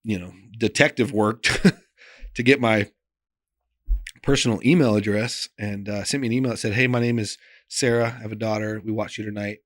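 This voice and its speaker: A man, a pastor, telling a personal story in an interview in an earnest, emotional way, often trailing off soft and quiet, with loose phrasing and many fillers. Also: fairly low pitch, steady tone, normal speed, no room sound, studio quality.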